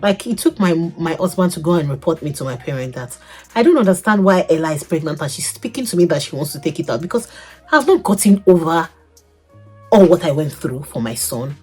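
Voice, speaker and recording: Young woman, vlogger telling a story with big swings in pitch, a slightly husky voice. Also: a little fast, faint music behind. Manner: animated, laughing, swings between loud outbursts and soft asides. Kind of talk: casual storytelling to camera.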